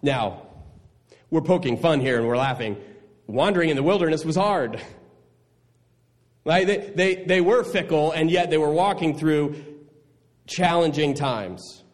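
A man preaching a sermon, animated and laughing at times, swinging between loud and hushed delivery. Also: fairly high pitch, measured pace, pauses often, in a large hall. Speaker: pastor.

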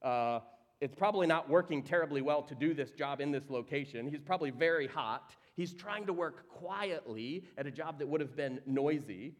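A man preaching a sermon, reading scripture aloud and acting out the characters with sudden jumps in pitch and volume. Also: normal speed. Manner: animated, acts out quoted voices with big swings in pitch and volume. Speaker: pastor.

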